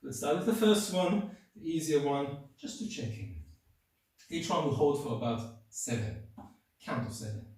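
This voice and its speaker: A male yoga instructor guiding a class, giving calm, steady cues and counting down holds while a little out of breath from demonstrating. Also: a little high, moderate pace. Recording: very echoey room, mic far off.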